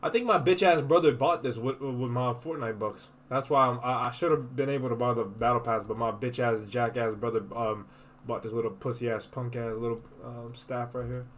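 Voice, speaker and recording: A man's voice: medium pitch, a little fast, slight background noise. A young man streaming casual reaction commentary, swearing freely and laughing as he talks. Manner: profane, laughing, excitable.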